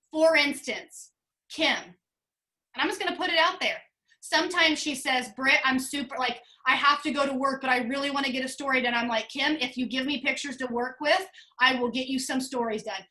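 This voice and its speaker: High, bright-voiced emotional team leader. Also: female voice. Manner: emotional, earnest, talks in quick bursts. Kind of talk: motivational team call. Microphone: video call.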